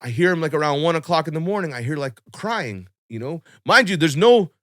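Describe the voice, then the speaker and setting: A young man telling a long personal story on a podcast in a casual, animated way, full of swearing and fillers. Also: a little high, brisk, dry recording, studio quality. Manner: animated, swearing, lots of fillers, acts out quotes.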